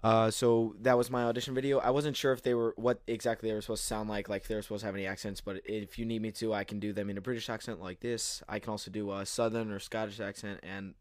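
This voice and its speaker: Low-voiced man, hesitant audition intro. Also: little pitch movement, fast, hardly any pauses, no room sound, studio quality. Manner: hesitant, with filler uhs. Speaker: voice actor auditioning.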